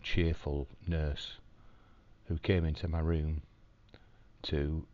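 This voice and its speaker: A man recording a personal video diary from his hospital room, telling a story calmly with dry, wry humour. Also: rumbling low, slow, no echo, lo-fi sound. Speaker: video diarist in hospital recovery.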